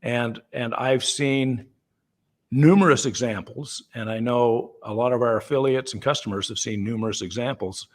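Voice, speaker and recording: A man's voice: mid-range voice, moderate pace. A man founder explaining things in a conversational call, easygoing and chatty, with fillers and restarts. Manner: acts out everyday dialogue in the voices of the people in his examples. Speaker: company founder answering questions.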